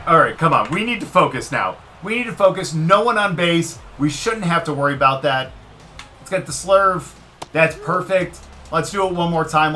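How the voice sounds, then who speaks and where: A gaming video creator gives excitable, casual let's-play commentary on a baseball video game. He talks directly to the game, cheering and groaning at every pitch.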